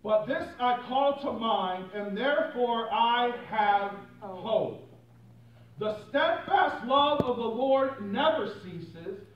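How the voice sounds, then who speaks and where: A man preaches a sermon in a notably high voice, moving deliberately and unhurried, then climbing into shouts. He sounds far from the microphone, with heavy echo around him and a dull, lo-fi recording. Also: lively intonation. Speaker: pastor.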